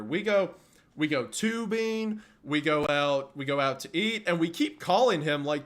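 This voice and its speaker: Guy with a pretty high voice telling a funny family story, lots of laughing. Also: moderate pace. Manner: animated, laughs often, acts out quotes loudly. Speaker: streamer. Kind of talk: casual storytelling.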